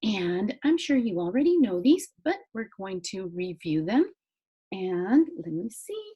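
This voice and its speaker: A woman teaching phonics to small children in a slow, sing-song, encouraging way, spelling out letters one by one. Her voice is mellow and a little breathy, and she speaks into a computer mic while sharing her screen. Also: medium pitch, big pitch swings, muffled recording. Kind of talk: phonics lesson to young children. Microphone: computer mic, screen-share recording.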